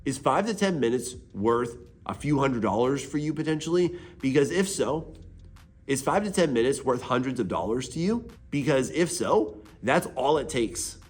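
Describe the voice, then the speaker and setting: A man's voice: mid-range voice, big pitch swings, normal speed, few pauses, slightly rough. A man teaching art sales as a mentor, talking casually and energetically straight to the viewer. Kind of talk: direct-to-camera teaching video.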